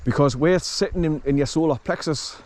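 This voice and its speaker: Man, mellow voice, outdoor forest walk vlog, chest-mounted mic, rambling and halting, chats to his dog. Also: a little high. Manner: rambling, halting explanations with many restarts; talks coaxingly to his dog. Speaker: vlogger. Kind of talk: casual walking vlog. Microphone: chest-harness camera.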